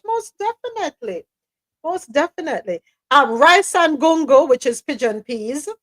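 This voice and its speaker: A woman, co-hosting a relaxed live chat show and dropping patois phrases. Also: on the high side, rough recording. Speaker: co-host. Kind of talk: casual chat on a live stream.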